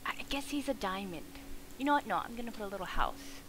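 A woman streaming a video game, chatting and joking excitedly with her viewers. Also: mid-range voice, fast, noisy background. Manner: excitable, jokey, chatty with chat. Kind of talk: casual gameplay commentary.

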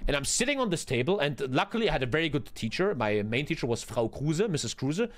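A man, telling a story in an animated, profane, emphatic way. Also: on the high side, fast talker. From Germany. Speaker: streamer host.

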